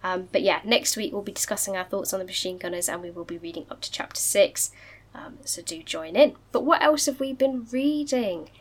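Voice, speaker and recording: A woman co-hosting a book club podcast, upbeat and chatty. She speaks at an ordinary pitch. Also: fairly quick, slightly rough. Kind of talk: casual chat.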